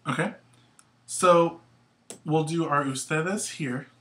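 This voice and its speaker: A man teaching a language lesson at a board, explaining patiently in a casual way, with fillers and quick self-corrections. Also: fairly high pitch, fairly bright tone. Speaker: Spanish teacher.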